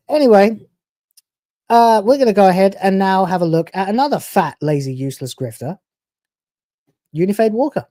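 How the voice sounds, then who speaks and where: A woman's voice: mid-range voice, expressive, normal speed, long pauses, dark tone, no echo, clean studio sound. A woman hosting a reaction channel, giving sarcastic, profane, mocking commentary over clips.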